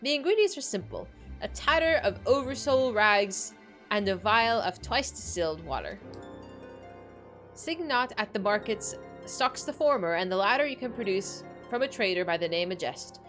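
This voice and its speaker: A woman voicing a fierce, scolding middle-aged mother with a put-on Scottish accent, sharp and bossy in tone. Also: mid-range voice, animated, normal speed, soft background music, close to an everyday voice. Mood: brisk.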